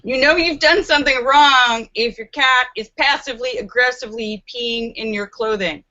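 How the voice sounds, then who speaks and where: A woman hosting a casual live stream from a room at home, animated and giggly as she reads viewer comments. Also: a little high, normal speed. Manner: chatty and animated, giggles often. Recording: slightly muffled lo-fi.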